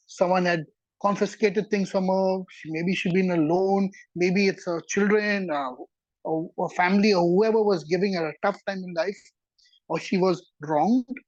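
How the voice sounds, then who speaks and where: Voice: medium pitch, a little mellow, no echo, dull audio. A Torah teacher giving a sermon-like lesson in a conversational way, often repeating words for emphasis and checking in with the listeners.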